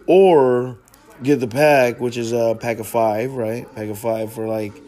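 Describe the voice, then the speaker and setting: A man's voice: mid-range voice, steady tone, a little slow, warm tone, soft background music. A man hosting a casual podcast chat, laid-back and slangy, swearing freely. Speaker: podcast host.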